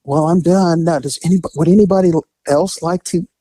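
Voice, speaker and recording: A podcast co-host tells a family story in casual chat, talking fairly quickly and animatedly acting out the people involved, voicing their quotes in high voices. The low-quality recording has no room sound.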